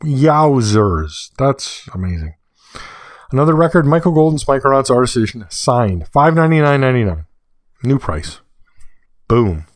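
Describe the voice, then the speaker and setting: A man talks through a solo podcast episode at a mid pitch, rambling and correcting himself as he goes. His voice gets excited in quick asides. The sound is dry and close, with no room around it. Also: dry recording. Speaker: podcast host. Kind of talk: casual solo podcast monologue.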